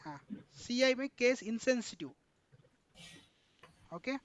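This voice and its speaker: A man's voice: extremely high pitch, expressive, measured pace, fairly bright tone, dry recording. A man, teaching an online technical class and repeatedly asking students questions, addressing them as sir. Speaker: instructor.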